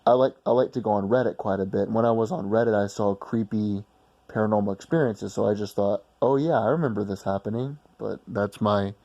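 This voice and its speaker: A man's voice: lowish voice, level tone, a little fast, vocal fry, dark tone, dull audio. A man casually telling a personal story in a rambling, blunt way with some swearing.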